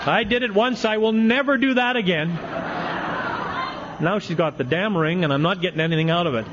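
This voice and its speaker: A crowd can be heard behind this middle-aged man as he speaks fairly quickly in a high voice. Addressing an AA meeting in a hall with an audience, he tells a wry, self-mocking story of his recovery, and the lo-fi tape is dull with faint hiss.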